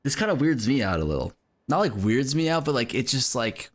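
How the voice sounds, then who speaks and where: A man's voice: mid-range voice, big pitch swings, moderate pace. Rambling American man chatting on stream. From United States. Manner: rambling, filler-heavy, swears and laughs often. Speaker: game streamer. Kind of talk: casual livestream chat with viewers.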